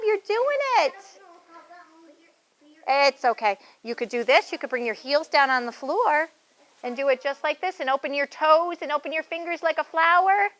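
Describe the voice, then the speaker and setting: A woman's voice: high-pitched, fairly bright tone, low-quality recording. A young adult woman guiding a children's yoga class with playful, sing-song encouragement.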